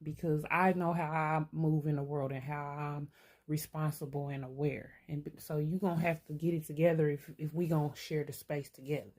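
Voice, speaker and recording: An older woman talking candidly to camera, thinking out loud to herself. She is blunt and streetwise and swears freely. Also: deep voice, steady tone, fairly quick. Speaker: vlogger. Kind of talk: candid self-reflective monologue.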